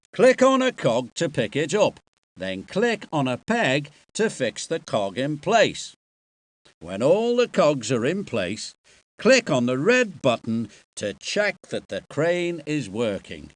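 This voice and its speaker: A man's voice: a little high, no room sound. A man from the UK giving patient, encouraging instructions as narrator of a children's game, recorded in a studio. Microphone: close studio mic.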